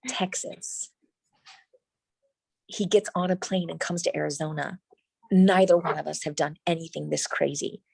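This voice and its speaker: A middle-aged woman, a guest in an interview, telling a personal story in an animated, emphatic way with frequent restarts. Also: sits low, measured pace, gravelly, long pauses, slightly rough, no echo, poor audio.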